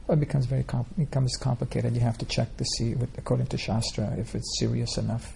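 A man with a low, mellow, gravelly voice answers questions at a religious gathering. He rambles through scripture stories with many restarts and fillers. Faint ambience sits behind him. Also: flat delivery, quick pace, a little hiss or hum. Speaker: spiritual teacher answering questions. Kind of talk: informal religious Q&A talk.

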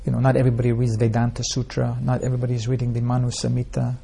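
Rapid-fire and monotone, this man's mid-range voice carries vocal fry, warmth, and a breathy edge. He's a spiritual teacher in an informal scripture class, rambling through stories and putting rhetorical questions to listeners.

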